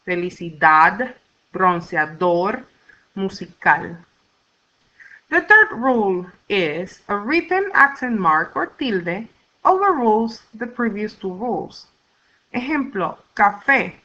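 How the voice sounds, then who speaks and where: A woman teaching a language class, explaining grammar rules slowly and clearly and sounding out syllables for students. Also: on the high side, sing-song, sharp tone. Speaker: Spanish teacher. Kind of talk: recorded classroom lesson. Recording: dull lo-fi recording.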